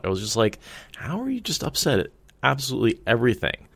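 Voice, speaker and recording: A man co-hosting a podcast, talking in relaxed, chatty storytelling. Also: mid-range voice, fast talker, creaky, husky, no room sound. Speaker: podcast co-host. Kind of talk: casual chat.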